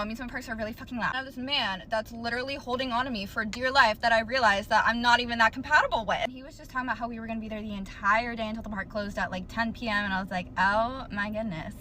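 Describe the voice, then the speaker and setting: A woman's voice: a little high, bright, forceful tone, slight background noise. A young woman telling a story in a casual, blunt way, swearing freely and using lots of "like" fillers, with sarcastic asides. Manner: exasperated, sarcastic commentary.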